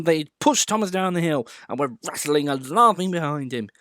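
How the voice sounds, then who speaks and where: A man narrating a children's storybook in an expressive, animated reading voice. The recording is close and dry, with no room sound. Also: fairly high pitch, moderate pace, few pauses, dry recording.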